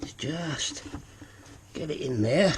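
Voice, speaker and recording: A man's voice: fairly high pitch, expressive, takes it slowly, background noise. A man working as a mechanic, talking through a car repair while he works, muttering and grunting as he struggles with parts. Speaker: auto mechanic. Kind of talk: hands-on car repair tutorial.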